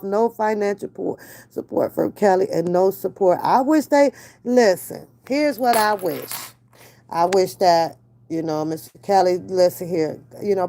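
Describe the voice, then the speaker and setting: A woman's voice: medium pitch, mellow. A woman talking casually on a live stream, blunt and heavily profane, joking and laughing often. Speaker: reaction streamer.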